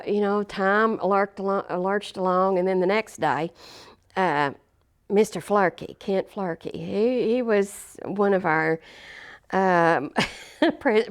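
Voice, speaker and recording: An older woman, a former teacher telling anecdotes in an oral history interview, chatty and laughing often. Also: mid-range voice. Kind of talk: anecdotal storytelling.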